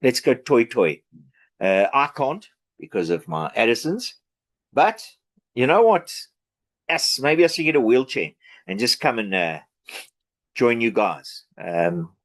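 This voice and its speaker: A South African man giving a sarcastic, opinionated political rant, with many fillers and restarts. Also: medium pitch. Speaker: political commentary vlogger.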